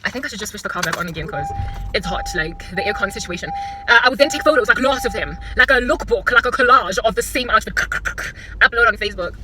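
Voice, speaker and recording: A South African woman vlogging from inside a parked car into her phone camera, talking in an animated, dramatic and joking way. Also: medium pitch, fast, background noise. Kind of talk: casual talking-head vlog.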